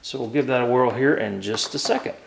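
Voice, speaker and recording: A man hosting his own hobby channel, talking through a restoration project in a relaxed, hesitant way with many ums and uhs, recorded in a home workshop. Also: medium pitch, brisk, creaky, rough recording. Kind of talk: casual how-to narration.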